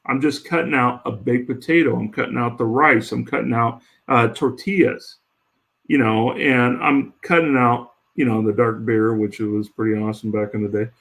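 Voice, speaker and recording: Animated, jokey male podcast guest. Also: medium pitch, moderate pace. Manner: animated, jokey, rambling storyteller. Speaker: podcast guest, home cook. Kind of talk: casual storytelling chat.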